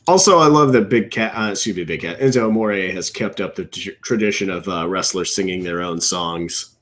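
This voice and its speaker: A young man co-hosting a podcast from his computer at home, riffing in casual chat with strong opinions and rambling asides that trail off low. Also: fairly quick, a bit bright, slight background noise. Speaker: podcast co-host. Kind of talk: casual wrestling riff commentary.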